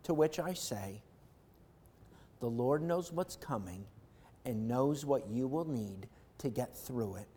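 A male pastor preaching an animated sermon, swinging from quiet reflection to loud excitement. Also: mid-range voice, slow, slightly rough.

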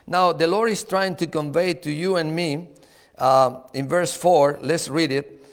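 A man preaching a sermon, slow and emphatic, repeating key words and chuckling now and then. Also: a little high, fairly even intonation, long reverb tail.

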